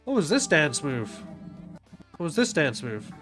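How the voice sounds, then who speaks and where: A man's voice: a little high, very animated, a little slow, music in the background. A man streaming a casual rant commentary over videos, blunt and profane, often sneering and laughing. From Canada.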